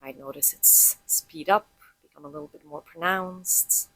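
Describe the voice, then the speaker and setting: A woman with a fairly low voice guides listeners through a breathing exercise, explaining clearly and calmly. The sound is dry and close, with no room around it. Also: a little slow, no room sound, low-quality recording. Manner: calm, explanatory, guiding listeners step by step. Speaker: breathwork instructor.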